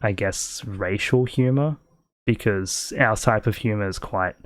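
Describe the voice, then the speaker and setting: Slow, rambling Australian man. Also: lowish voice, dry recording, clean studio sound. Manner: rambling storytelling, laughs often. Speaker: podcast host. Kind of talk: casual podcast chat.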